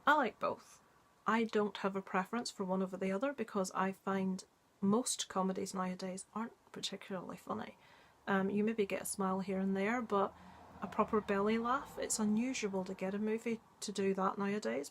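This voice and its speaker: A woman's voice: medium pitch, a little hiss or hum. Chatty woman rambling about movies. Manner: chatty, rambling, many ums and asides. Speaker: movie vlogger. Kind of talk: casual chat.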